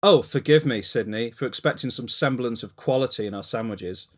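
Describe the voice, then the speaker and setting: A man playing a bossy head chef who snaps at his kitchen crew. He reads a notch higher and louder than his usual talk, in a plain and brusque way with little put-on voice. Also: brisk, husky, close to an everyday voice. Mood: stern. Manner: brusque read-aloud scolding. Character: demanding no-nonsense male head chef.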